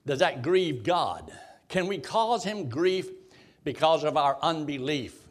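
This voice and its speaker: A man's voice: on the high side, sing-song, takes it slowly. Folksy man leading Bible study. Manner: folksy, reads King James verses aloud and quizzes the group.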